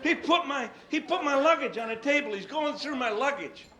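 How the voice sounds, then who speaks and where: A man from Tennessee doing stand-up, telling a long story in an animated, exaggerated way. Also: very high voice, a little fast, a little hiss or hum. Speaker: stand-up comedian. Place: stage before a live audience. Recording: live stage with audience laughter.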